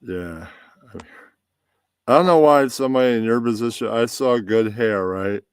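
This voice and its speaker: A man with a very deep voice hosting a casual pre-stream chat, rambling and relaxed while he sets up. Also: normal speed, clean tone, no echo. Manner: relaxed, rambling, talks to himself while setting up. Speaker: podcast host.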